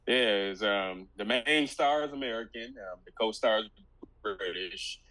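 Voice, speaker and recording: A relaxed man in a podcast chat with a bright, clear-edged voice at middle pitch. He laughs easily and often drops into joking impressions. The recording is dry and close. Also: a little slow, no room sound, low-quality recording. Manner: easygoing, laughs often, does mock impressions. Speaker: podcast co-host. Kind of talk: casual movie-review chat.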